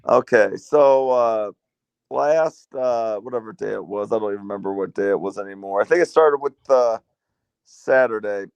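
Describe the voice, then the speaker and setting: Animated man in his thirties. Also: fairly low pitch, normal speed, creaky, smooth, dry recording, muffled recording. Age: 30s. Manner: animated storyteller, voice jumps up when acting out scenes. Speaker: podcast co-host. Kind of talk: casual chat.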